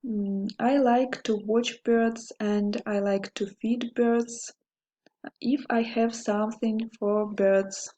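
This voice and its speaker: A woman teaching English with a Russian accent, speaking slowly and carefully and repeating words for learners. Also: a little high, fairly even intonation, dark tone, rough recording. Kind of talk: slow English lesson for learners.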